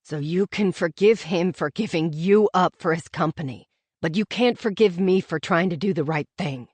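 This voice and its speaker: Woman narrator doing a tender young lover, low-key and earnest, a soft pleading voice. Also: moderate pace, no room sound, natural voice. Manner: gentle, soft-spoken, pleading. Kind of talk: audiobook character voice.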